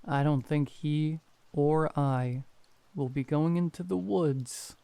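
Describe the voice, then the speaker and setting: Guy narrating scary stories, low-key and mellow, smooth clear voice. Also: slow, dry recording. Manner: calm, even reading. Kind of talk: scripted narration of horror stories.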